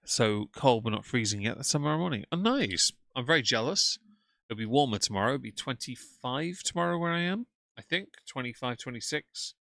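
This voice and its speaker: A man's voice: medium pitch, expressive, fairly quick, creaky, sharp tone, no echo, clean studio sound. A man hosting a livestream, commenting on clips with sarcastic, mocking asides. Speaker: commentary streamer.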